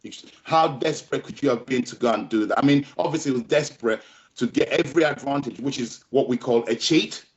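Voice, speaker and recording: A man's voice: medium pitch, fast. Emphatic middle-aged man telling a story. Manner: emphatic, repeats and restarts phrases, keeps checking in with "yeah?". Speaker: boxing trainer and interview guest. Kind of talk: conversational storytelling interview. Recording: slightly dull lo-fi audio.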